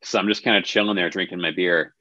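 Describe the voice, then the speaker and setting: A man's voice: low voice, steady tone, fast talker, bright, forceful tone, dry recording, highs cut off. A man telling a funny story as a podcast guest in a laid-back, self-deprecating way. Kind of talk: casual storytelling.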